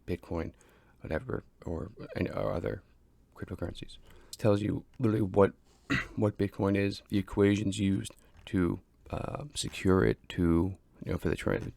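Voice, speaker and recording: A man's voice: fairly low pitch, vocal fry, darkish tone, no room sound. A man hosting a casual explainer monologue, speaking plainly, repeating himself and restarting often. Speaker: crypto explainer host.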